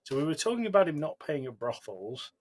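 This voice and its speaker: English male podcast co-host, husky and animated, quick with wisecracks. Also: fairly high pitch. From England. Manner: joking, reacts with wisecracks. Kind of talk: casual banter.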